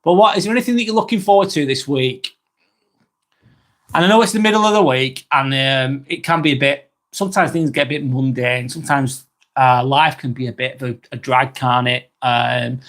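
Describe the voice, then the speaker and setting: A man hosting a slow, rambling live-stream vlog, reading out viewer comments with many fillers and apologies, a little under the weather. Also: mid-range voice, a bit bright. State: slightly under the weather, occasional cough.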